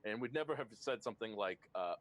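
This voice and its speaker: Male game master, lowish voice, hesitant narration full of ums, tabletop play. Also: lively intonation, fast. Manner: hesitant, many ums and uhs.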